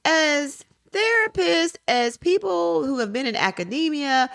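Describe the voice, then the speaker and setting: Lively, animated woman telling stories. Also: unhurried, vocal fry. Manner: animated storyteller, acts out quotes with big pitch jumps. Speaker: therapist and co-host. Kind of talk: casual storytelling chat.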